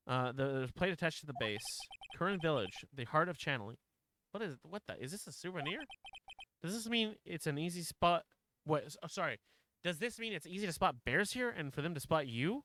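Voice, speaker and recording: Man, streamer, chatty commentary, swears, higher voice, animated. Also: fairly quick, noisy background. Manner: reads game text aloud, swears, chatty. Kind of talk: game playthrough commentary.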